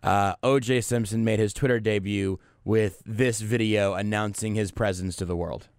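Male talk radio host, wry deadpan delivery, smooth resonant voice, dry studio mic. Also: on the low side, normal speed, dry recording. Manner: wry, deadpan riffing with frequent restarts. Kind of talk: casual talk-radio banter. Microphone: studio microphone.

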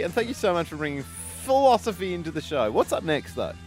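A man co-hosting a radio show, teasing his partner with quick quips into a studio mic. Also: fairly high pitch, sing-song, soft background music. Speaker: radio co-host. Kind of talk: casual radio banter.

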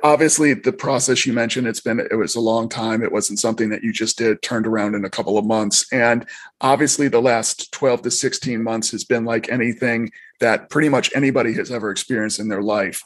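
A man's voice: medium pitch, fairly quick. Man, interviewer, mid-range voice, long rambling questions, casual.

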